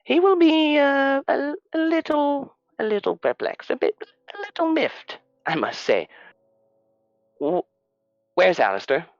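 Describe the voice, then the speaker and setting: A man voicing a flamboyant, fussy male gnome shopkeeper who floats on a pillow, speaking in a high, swooping, theatrical voice. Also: very animated, measured pace, gravelly, no room sound, dull audio, heavily acted. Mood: pleased.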